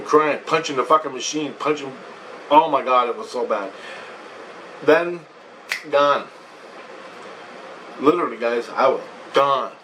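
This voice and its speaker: A man's voice: medium pitch, sharp tone, far from the mic, poor audio. A man rambles through a harrowing personal story, swearing freely and circling back on his words. He sits somewhat back from the mic, and a faint hum of ambient noise runs underneath. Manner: profane, emotional, rambling with restarts. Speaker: vlogger recounting a spiritual experience. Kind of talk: casual storytelling to viewers.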